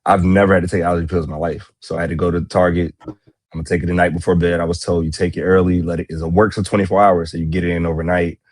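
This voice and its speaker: A man with a very deep, husky voice that sounds congested. He co-hosts a casual sports podcast and rambles through his week in an excitable way. The sound is dry and close. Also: very fast, dry recording. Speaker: podcast co-host.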